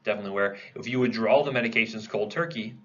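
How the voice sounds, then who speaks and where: A man's voice: fairly low pitch, fast talker, fairly bright tone, dull audio. A man giving a classroom lecture in a conversational way, posing questions to the class and answering them himself. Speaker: pharmacology lecturer.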